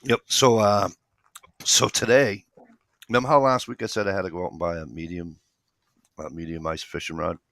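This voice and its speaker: Deep gravelly man rambling through a story. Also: steady tone, normal speed, long pauses, fairly bright tone, no echo, studio quality. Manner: rambling, retells dialogue, swears casually. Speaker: podcast co-host. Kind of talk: casual chat, storytelling.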